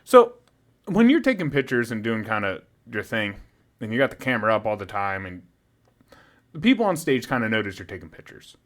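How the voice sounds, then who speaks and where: Here a young podcast co-host recounts a story casually, his fairly low-pitched voice running slightly fast. He swears freely and laughs often, staying animated and going loud for his impression of a drunk fan.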